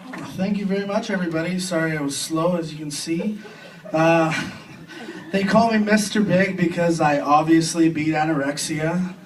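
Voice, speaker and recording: Young Canadian man, stand-up comic, high-pitched, crude self-deprecating jokes, distant mic, faint club noise. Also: steady tone. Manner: crude, self-deprecating punchlines with quick voiced impressions. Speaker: stand-up comedian. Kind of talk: stand-up comedy set. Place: comedy club stage with an audience.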